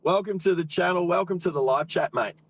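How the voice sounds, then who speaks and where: Australian man, fairly high voice, relaxed rambling live-stream chat, greeting viewers, talking while driving. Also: brisk, rough recording.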